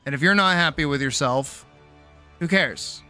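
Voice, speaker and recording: Tired, bright-voiced late-night streamer, swearing. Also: male voice, fairly high pitch, normal speed, clear, resonant tone, faint music behind. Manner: rambling, swears freely, self-mocking. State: tired, sore jaw. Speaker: streamer and animator. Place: home streaming setup.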